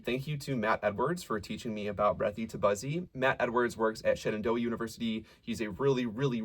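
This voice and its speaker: A young man coaching rock singers through vocal warm-ups, explaining calmly and sometimes singing short drills. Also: medium pitch. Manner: relaxed and encouraging, demonstrates sung warm-up drills. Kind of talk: singing lesson with sung exercises.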